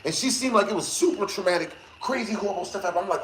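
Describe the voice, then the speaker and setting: A man streaming games who tells a story to his chat in a lively, slangy way, laughing often and swearing. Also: sits high, fast. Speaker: gaming streamer. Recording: echoey room with faint noise.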